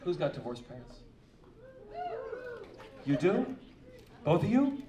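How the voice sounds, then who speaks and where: A man's voice: fairly high pitch, big pitch swings, takes it slowly, far from the mic, noisy background. A male stand-up comedian doing crowd work, teasing and profane, laughing as he talks. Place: comedy club stage. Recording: echoey club, audience laughter.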